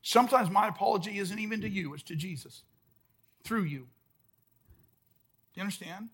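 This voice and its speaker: This man's voice sits high and sounds slightly rough as he preaches at normal speed. As the church's pastor, he gives an emphatic sermon that veers from loud eruptions to soft murmurs.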